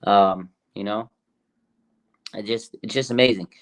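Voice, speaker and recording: A man hosting a fan livestream, talking casually in an excited, rambling way with many fillers and restarts. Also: lowish voice, unhurried. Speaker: fan show host.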